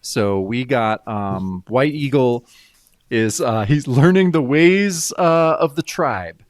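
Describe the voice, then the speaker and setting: A man's voice: medium pitch, takes it slowly, no echo, clean studio sound. A man co-hosting a casual comic book review podcast, retelling the story and acting out lines of dialogue. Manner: animated, acts out dialogue in character voices. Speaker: podcast co-host.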